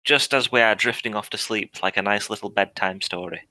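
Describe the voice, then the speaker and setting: A man's voice: on the low side, steady tone, fairly quick, pushed and bright. A man playing a tabletop game, joking in a dry way. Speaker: player. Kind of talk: casual tabletop game chat.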